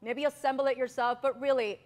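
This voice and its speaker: A woman's voice: high voice, fairly even intonation, a little fast. A middle-aged woman from Miami, a lifestyle expert chatting as a guest in an upbeat, bubbly promotional interview, repeating phrases for emphasis. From Miami, United States.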